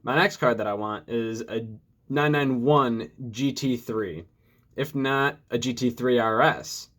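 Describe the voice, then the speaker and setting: A young man in his mid-twenties talks straight to camera in a casual vlog. He opens with an energetic greeting and then settles into a steady, plain account at a middle pitch. He grew up in Metro Detroit. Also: unhurried. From Metro Detroit, USA. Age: 20s. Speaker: vlogger.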